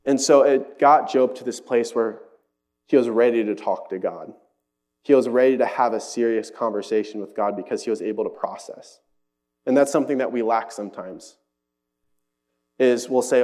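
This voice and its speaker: A man's voice: mid-range voice, normal speed, a little mellow. Earnest young man preaching casually. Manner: conversational, earnest, acts out quoted voices. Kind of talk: sermon.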